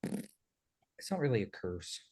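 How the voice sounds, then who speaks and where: Calm man running a tabletop game. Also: fairly low pitch, slow pace, slight background noise. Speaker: game master.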